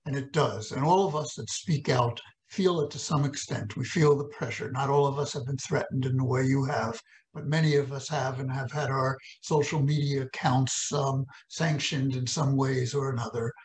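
A man's voice: mid-range voice, steady tone, normal speed. A man interviewing his guest, agreeing earnestly and adding his own view. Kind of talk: interview conversation.

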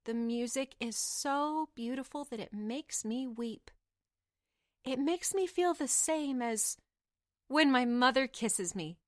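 A woman's voice: sits high, takes it slowly, no room sound, studio quality, voice pushed up. A woman voicing a young, kind serving girl who talks in a polite, eager way. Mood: wistful. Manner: bright, eager, gently correcting.

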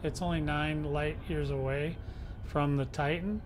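Man, gaming channel host, slightly high voice, rambly and slangy, faint noise behind. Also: steady tone, a little slow. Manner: rambling, slangy, self-mocking. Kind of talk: casual gameplay commentary.

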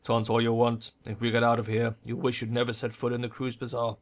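A man's voice: medium pitch, completely flat delivery, fairly quick, natural voice. A man voicing a cold, defiant female shadowrunner who speaks in a clipped way in a game read-through.

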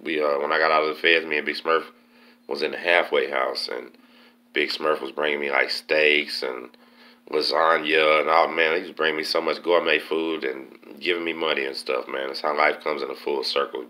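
A man tells a jail story in a relaxed, slang-heavy way. His voice sits very low, with a bright, forceful edge. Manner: laid-back, slangy, keeps saying man. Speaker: host telling prison stories. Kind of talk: casual storytelling.

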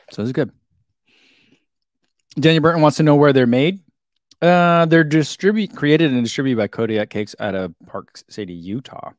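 A man's voice: medium pitch, no echo, studio quality. A man chatting casually as he unboxes and tastes a snack, giggling now and then and talking between bites. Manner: chatty, giggly, talks while chewing. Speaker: vlogger reviewing a snack.

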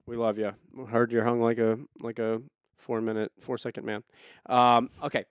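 A man's voice: medium pitch, little pitch movement, normal speed, clear, resonant tone, no echo, clean studio sound. A man on a podcast, casually telling a crude story, repeating and restarting words. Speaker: podcast co-host.

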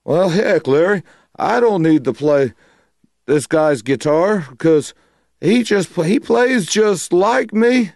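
A man putting on the voice of a big, sly older bluesman who delivers a slow, drawn-out punchline. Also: sits high, expressive, vocal fry, a little mellow, no room sound, studio quality, voice pushed up, full character voice.

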